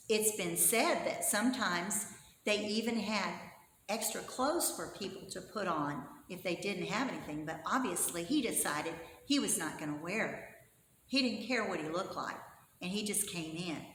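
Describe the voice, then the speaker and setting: A woman Sunday school teacher telling a Bible story to children in an animated, expressive way and asking her listeners questions. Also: lowish voice. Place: church. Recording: echoey church hall, faint hum.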